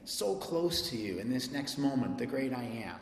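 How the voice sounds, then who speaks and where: A man preaching a sermon as pastor, emphatic and animated, swinging from loud peaks to soft, quiet stretches. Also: medium pitch, moderate pace. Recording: echoey hall sound.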